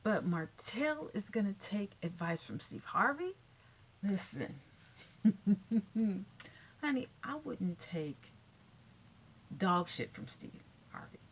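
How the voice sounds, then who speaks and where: A woman's voice: medium pitch, sing-song, slow, pauses often, dull audio, a little hiss or hum. A woman vlogging casual celebrity gossip in a chatty, catty way, full of asides and repeated no's.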